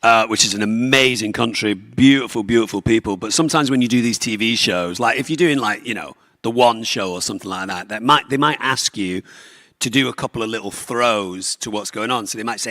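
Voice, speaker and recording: A man's voice: fairly low pitch, a little fast, sharp tone, no room sound, clean studio sound. A man on a convention panel, chatting casually and telling anecdotes. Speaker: actor on a panel. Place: convention hall stage.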